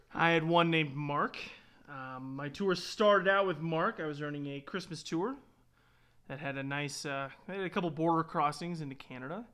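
A man's voice: fairly high pitch, normal speed, clean tone. A man who works as a tour guide and van driver, telling a story casually with frequent laughs and quoted dialogue. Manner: laughs often, relaxed, lots of restarts and quoted dialogue.

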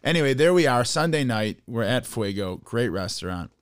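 A man co-hosting a casual chat podcast, an animated storyteller who restarts often and bickers playfully with his co-host. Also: medium pitch, moderate pace, clear, resonant tone, no room sound, clean studio sound.

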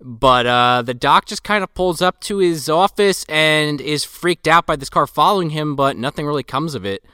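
A man's voice: a little high, normal speed, hardly any pauses, bright, forceful tone, smooth, no echo, studio quality. A young man co-hosting a casual movie podcast, joking and narrating the plot with plenty of swearing. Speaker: podcast co-host. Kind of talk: casual movie recap chat.

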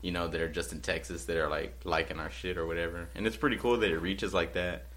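A man's voice: sits low, steady tone, fast talker, fairly bright tone. A man co-hosting a podcast, rambling casually with lots of fillers and swearing. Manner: rambling, profane, many fillers. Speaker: podcast co-host. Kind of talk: casual chat.

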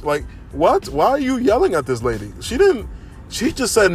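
A young man talks through his own solo podcast. His voice sits a little high for a man, and his storytelling is animated and conversational. Faint music plays underneath. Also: brisk. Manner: animated storytelling, frequent "you know what I'm saying". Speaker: podcast host. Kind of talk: casual solo podcast monologue.

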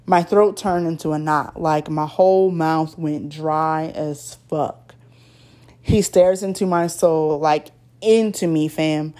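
A woman's voice: deep voice, fairly even intonation, slow pace, warm tone. A woman reading a first-person story aloud in a casual, slangy storytelling way.

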